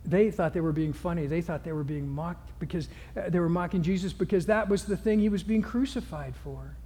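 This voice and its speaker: A man preaching a sermon, swinging from hushed, quiet passages to loud, emphatic ones. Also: on the high side, a little fast, big-room sound. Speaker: pastor.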